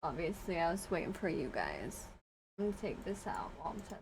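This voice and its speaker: A woman's voice: on the low side, big pitch swings, fast talker, slight background noise, poor audio. A woman streamer chatting casually while coding, laughing often and swearing now and then.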